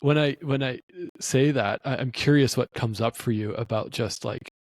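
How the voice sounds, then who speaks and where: Gravelly middle-aged man host, earnest. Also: medium pitch, normal speed, dry recording. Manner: earnest, supportive, storytelling. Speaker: podcast host. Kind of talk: podcast conversation.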